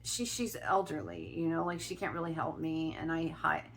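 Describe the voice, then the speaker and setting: A middle-aged woman from Ohio telling a personal story in a chatty vlog, often restarting her sentences and filling pauses. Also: low-pitched, expressive, a bit bright. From Ohio, USA. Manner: chatty, with many restarts and fillers. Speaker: spiritual vlogger.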